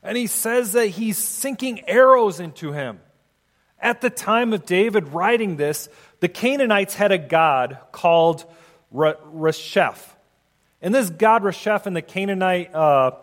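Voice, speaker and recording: A chaplain preaches in a loose, conversational way, now and then acting out the prayers he quotes. His voice sits high for a man. The sound rings out with a long hall reverb. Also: expressive, measured pace. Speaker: hospital chaplain. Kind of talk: sermon.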